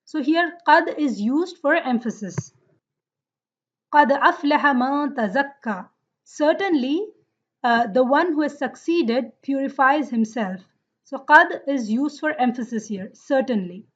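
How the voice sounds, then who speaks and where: A woman's voice: high voice, expressive, measured pace. A woman teaching a Quranic Arabic grammar lesson, explaining step by step and checking in with her students. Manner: explains step by step, asks questions. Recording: dull lo-fi sound.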